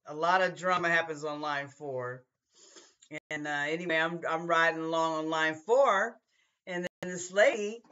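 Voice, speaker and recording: A woman's voice: medium pitch, moderate pace, sharp tone, dull audio. A woman who drives a bus, telling a casual story with many restarts and asides. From Portland, Oregon, US.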